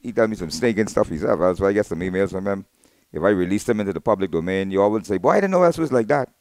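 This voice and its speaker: A middle-aged Bahamian man hosting a talk show, delivering an opinionated monologue that swings from low asides to loud outbursts. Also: dry recording.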